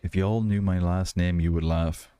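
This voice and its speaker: A man with a softened Irish accent, chatting casually and rambling as a livestream host. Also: low-pitched, moderate pace, smooth, no echo. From Ireland. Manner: rambling, relaxed, many fillers and restarts. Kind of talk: casual chat while building and reading chat.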